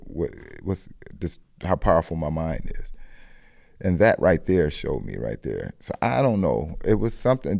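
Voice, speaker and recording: A man's voice: very deep voice, creaky, warm tone, dry recording, studio quality. A man from the American Midwest, a podcast guest telling personal stories in an earnest, reflective way and often restarting his phrases. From Rock Island, Illinois, US. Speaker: podcast guest, corner store owner. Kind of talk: earnest conversational storytelling.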